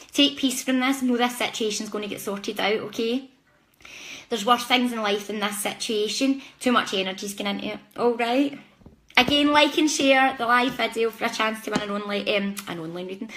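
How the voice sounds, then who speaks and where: A woman hosting a live-stream psychic reading, talking chattily and apologetically straight to her viewers. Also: fairly high pitch. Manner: chatty, warm-hearted, apologetic, speaks directly to viewers. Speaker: psychic reader.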